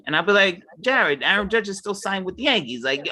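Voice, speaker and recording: Bright-voiced New man ranting. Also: sits high, sing-song, fairly quick, few pauses. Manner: heated ranting, mimics others. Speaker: podcast co-host. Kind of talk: casual chat.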